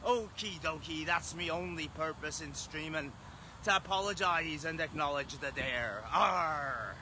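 A man's voice: a little high, moderate pace, noisy background. A man chatting casually on a livestream, cheerful and apologetic. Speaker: vlogger on a long charity walk.

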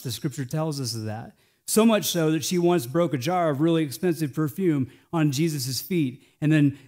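An American man preaches a sermon in a fairly high-pitched voice. He swings between hushed, slowed phrases and loud, emphatic lines.

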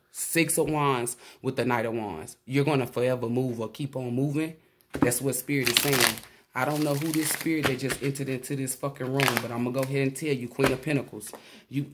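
Woman tarot reader, casual to camera; excitable, profane, rambling delivery. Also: rumbling low.

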